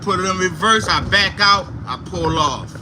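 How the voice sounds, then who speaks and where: High-voiced man telling a story from his car. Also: normal speed. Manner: animated, profane retelling with sound effects. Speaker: livestream host. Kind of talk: casual storytelling. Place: inside a vehicle while driving. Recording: car noise in background.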